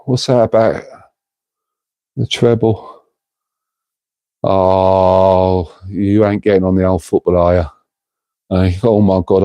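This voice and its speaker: A man's voice: on the low side, warm tone, no room sound. A middle-aged man, hosting a casual livestream and talking to viewers in an earnest, rambling way. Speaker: livestream host.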